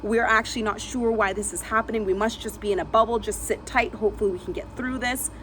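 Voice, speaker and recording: A woman quoting a calm male airline captain who reassures passengers in a casual tone. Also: fairly high pitch, quick pace, noisy background, lightly acted. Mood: reassuring.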